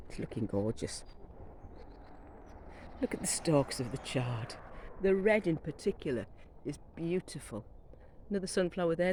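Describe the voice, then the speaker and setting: A middle-aged woman strolls through her back garden with her phone, chatting and rambling about her plants. Her voice swoops lively between high and low and sounds soft and mellow. She is coming down with a cold, and faint outdoor noise sits behind her. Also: poor audio. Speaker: gardening vlogger. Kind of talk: casual garden walk-through. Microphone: phone camera carried while walking.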